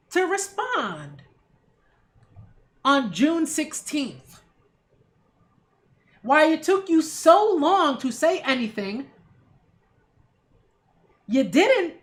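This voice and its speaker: A woman's voice: high voice, fairly bright tone. A woman hosting her own channel, giving a casual opinion rant with emphatic, sarcastic delivery and frequent rhetorical "right?" check-ins. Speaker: culture critic and channel host.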